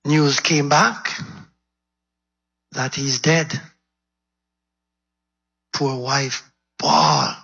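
Man, preacher, husky, bright forceful tone, slow dramatic sermon storytelling. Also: medium pitch, fairly even intonation. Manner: dramatic, acts out the story in quotes. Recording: dull lo-fi recording.

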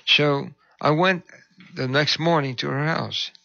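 A man's voice: on the high side, steady tone, unhurried, gravelly, bright, forceful tone, no room sound, dull audio. A man who is a pastor, telling a story in conversation and acting out the voices he quotes.

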